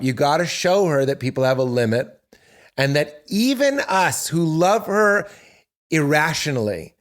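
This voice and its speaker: With a higher-pitched voice and a measured pace, this male comedian chats as a podcast guest, bringing his stories to life by performing the quotes in a relaxed, conversational setting.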